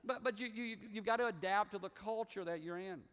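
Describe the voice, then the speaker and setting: A middle-aged pastor from the Southern United States, speaking with a Southern US accent, gives a folksy, conversational sermon, restarting and circling back over his phrases. His voice is higher than most men's, brisk, a little bright and clean in tone, with a long church-sanctuary reverb trailing behind it.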